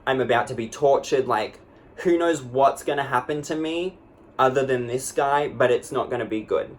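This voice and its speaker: A man's voice: medium pitch, normal speed, a little hiss or hum, close to an everyday voice. A man playing a young woman vlogger who tells a dramatic storytime, rambling and full of "like". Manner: rambling, lots of "like", breathless and dramatic. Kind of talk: comedic storytime monologue.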